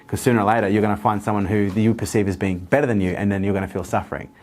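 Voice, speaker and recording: A man's voice: lowish voice, steady tone, racing, a little mellow. Earnest storytelling man. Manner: earnest, storytelling, repetitive phrasing. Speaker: interview guest. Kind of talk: motivational interview talk.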